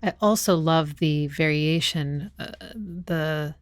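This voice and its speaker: A woman's voice: deep voice, unhurried, few pauses. Chatty woman analysing a song. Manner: chatty and enthusiastic, hums and sings snippets. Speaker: musician and channel host. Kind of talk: casual music analysis commentary.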